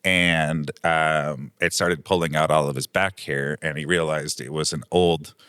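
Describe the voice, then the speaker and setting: A man with an extremely deep, low voice, a property manager guest telling a long story from his work. He rambles casually, filling the gaps with "um" and "like". The sound is dry and close, with no room echo. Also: fairly even intonation, unhurried, pushed and bright, clear, resonant tone. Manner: rambling anecdotal telling, lots of um and like.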